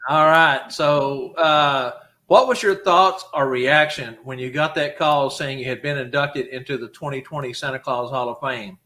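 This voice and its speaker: A male host of a casual live talk show, bright and crisp in tone. He keeps the chat moving with friendly questions and encouragement. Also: mid-range voice, normal speed.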